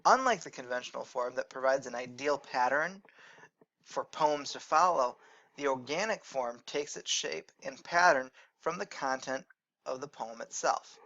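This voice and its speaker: A man teaching a recorded lecture, explaining in a measured way and correcting his own slips as he goes. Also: medium pitch, sharp tone, lo-fi sound.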